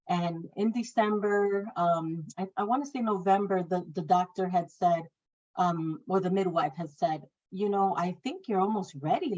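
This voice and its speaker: A woman in her thirties telling a personal story, acting out the people in it with raised, lively voices. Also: on the low side, highs cut off. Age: 30s. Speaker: guest sharing her testimony.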